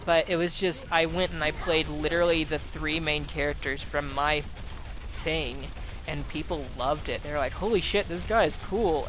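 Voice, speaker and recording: A man's voice: a little high, noisy background. A young man chatting casually while gaming, rambling with lots of fillers and frequent swearing. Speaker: gaming channel host.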